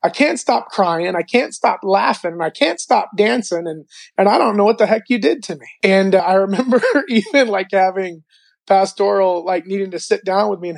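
A man telling his faith story as an interview guest, animated and full of filler words. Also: high voice, moderate pace, vocal fry, no room sound. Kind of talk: personal faith testimony.

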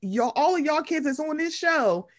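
Woman co-host, lively and opinionated, slightly high voice, casual podcast chat. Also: moderate pace. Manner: animated, mimics other people's voices in quotes. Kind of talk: casual chat about reality TV.

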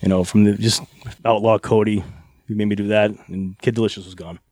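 A man's voice: lowish voice, fairly even intonation, fairly quick, a little mellow, no room sound, clean studio sound. A middle-aged man, a former wrestler, rambling through anecdotes in a casual interview with frequent laughs and swearing.

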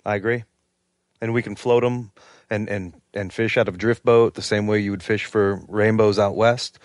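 A man's voice: fairly low pitch, steady tone, normal speed, dry recording, clean studio sound. A man, a podcast guest, chatting casually and talking up his home area with enthusiasm. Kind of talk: casual chat.

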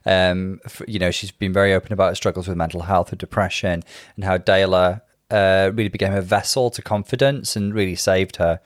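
A man with a low voice, recorded close and dry with no room sound. He talks in a measured, thoughtful way, weighing each opinion as he co-hosts a casual podcast chat. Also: fairly even intonation, dry recording. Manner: thoughtful, measured, hedging with "I think". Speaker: podcast co-host.

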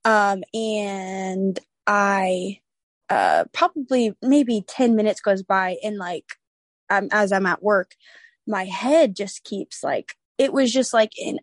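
A young woman in her twenties, a podcast guest, telling a personal story in an animated, casual way, acting out the voices of others and laughing often. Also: medium pitch, slow pace, no room sound.

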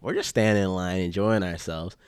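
A man's voice: sits low, brisk, clear, resonant tone, no room sound. A young man casually telling a funny story on a podcast, laid-back and slangy, swearing freely. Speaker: podcast co-host.

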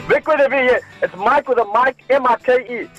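A man's voice: very high-pitched, normal speed, fairly bright tone, lo-fi sound, faint music behind. A South African man calling in to a radio show, good-humoured and laughing easily. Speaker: caller. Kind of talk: casual call-in chat.

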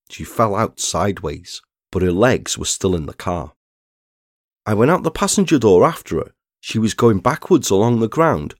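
A man, narrating a true crime story in a measured scripted read. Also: deep voice, dry recording, clean studio sound. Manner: measured, reads statements aloud plainly.

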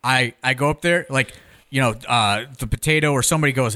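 A man who is a wrestling promoter, telling stories in casual podcast chat, animated and full of swearing. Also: mid-range voice, brisk. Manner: profane, animated storyteller.

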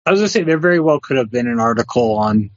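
A man joining a podcast as a guest, chatting casually with quick, offhand asides. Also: medium pitch, lively intonation, dry recording. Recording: dry, dull lo-fi audio.

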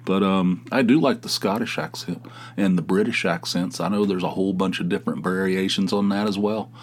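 Man, from the US, podcast host, slightly low voice, rambling solo chat, self-deprecating. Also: steady tone, fairly quick. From United States. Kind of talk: casual solo podcast monologue.

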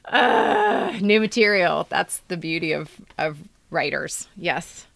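A woman's voice: lowish voice, expressive, slow pace, creaky, pauses often, fairly bright tone, no room sound. A woman in her fifties, a podcast co-host, giving candid and emotional feedback on a friend's writing in casual, filler-heavy chat. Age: 50s.

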